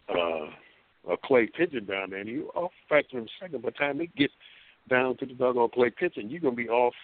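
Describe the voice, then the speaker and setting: Calling in to a radio show as a guest, a man talks over the phone line in a folksy, meandering way, with lots of fillers and restarts. His voice is medium-pitched, and there's no echo.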